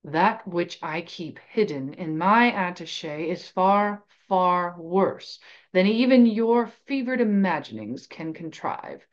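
A menacing male wizard professor, as a woman reader puts him on. He issues threats in a slow, low, deliberate hush, cold and imperious rather than loud. The recording sounds a little dull and lo-fi. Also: expressive, natural voice. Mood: coldly menacing.

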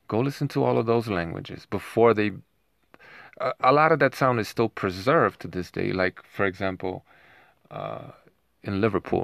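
A man's voice: low voice, vocal fry, a bit bright, clear, resonant tone, no room sound, clean studio sound. A man talking in a rambling monologue at home, often tagging his points with a questioning aside. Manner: rambling, keeps asking "right?". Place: home with dogs nearby.

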